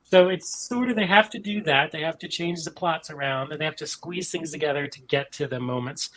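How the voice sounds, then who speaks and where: A man's voice: fairly high pitch, a little fast, bright, forceful tone, low-quality recording. A man in casual podcast chat, talking enthusiastically and rambling with many ums, from an upstairs room in his mother's house. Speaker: podcast guest.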